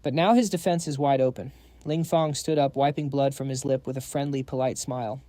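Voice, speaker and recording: A man's voice: medium pitch, steady tone, fairly quick, dark tone, no echo. A man narrating a fantasy comic recap in a dramatic, scripted storytelling style.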